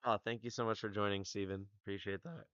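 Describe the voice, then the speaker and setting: A low-voiced man hosts a relaxed gaming livestream, laughing easily and joking with his chat. His headset audio sounds dry and somewhat dull, like lo-fi stream sound. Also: quick pace, dry recording. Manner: laid-back, laughs often, talks to chat. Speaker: livestream host.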